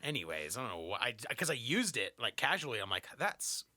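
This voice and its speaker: A man's voice: medium pitch, a little fast, no echo. A young man hosting a podcast, talking in loose, profane banter and mimicking people as he goes. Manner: profane, animated, mocks people in put-on voices. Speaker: podcast host. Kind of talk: casual crude banter.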